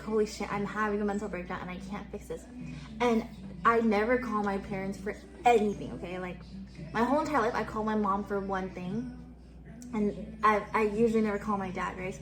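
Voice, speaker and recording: A young woman streamer in her twenties telling stories in a casual chat, giggling often and swearing casually. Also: medium pitch.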